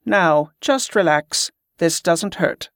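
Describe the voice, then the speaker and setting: An audiobook narrator voicing a middle-aged monk man who speaks in a measured, formal way. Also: mid-range voice, lively intonation, dry recording, clean studio sound. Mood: calm.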